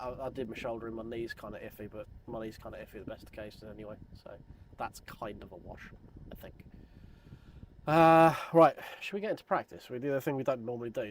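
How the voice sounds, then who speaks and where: A man in his thirties chatting casually on a sim racing live stream, rambling and joking at his own expense. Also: mid-range voice. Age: 30s. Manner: rambling, self-deprecating, joking.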